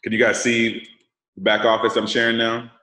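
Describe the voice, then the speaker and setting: A man's voice: medium pitch, completely flat delivery, moderate pace, bright, forceful tone. A man leading an online sales training call, explaining casually and step by step while checking that the group follows. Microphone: video call. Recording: roomy echo.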